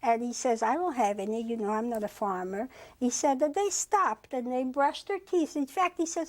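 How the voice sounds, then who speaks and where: A French woman in her eighties gives oral history testimony as a Holocaust survivor. Her voice sits high with a darkish tone, and she retells conversations with frequent "he says" and halting fillers.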